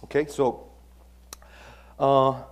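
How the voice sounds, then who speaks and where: Pastor preaching with dramatic loud-soft swings. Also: male voice, mid-range voice, extremely slow. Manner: animated, swings between loud emphasis and quiet asides; asks the audience questions, frequent "okay?". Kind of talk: sermon.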